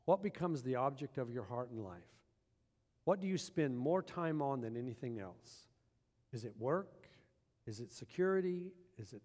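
A man's voice: fairly high pitch, a little mellow. A man preaching a sermon with emphasis, often posing rhetorical questions to his congregation. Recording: long hall reverb.

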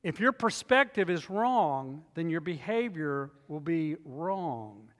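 A man's voice: a little high, sing-song, takes it slowly, fairly bright tone, in a large hall. A man preaching a sermon as pastor, emphatic and repetitive, telling personal stories to make his points.

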